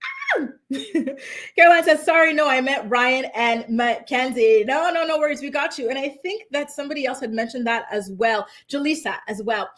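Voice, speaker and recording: A young woman hosting a casual pop culture chat, reading viewer comments aloud and rambling through animated asides. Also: sits high, moderate pace.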